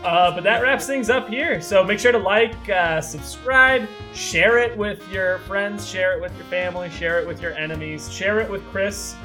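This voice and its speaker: A man's voice: high voice, moderate pace, hardly any pauses, music in the background. A young man hosting a casual podcast, rambling and upbeat with lots of fillers. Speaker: podcast host.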